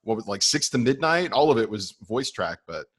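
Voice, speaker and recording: A man's voice: medium pitch, big pitch swings, fairly quick, a bit bright, husky. A man guesting as a meteorologist on a casual podcast, friendly and chatty. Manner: friendly, chatty, laughs easily. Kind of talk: casual interview chat.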